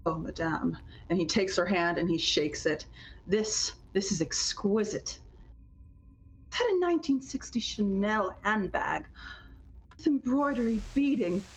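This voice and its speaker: A woman's voice: mid-range voice, measured pace, lightly acted, poor audio. A woman voicing a flamboyant male fashion lover who gushes over clothes and calls people "darling". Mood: gushing. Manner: gushing, theatrical, says "darling".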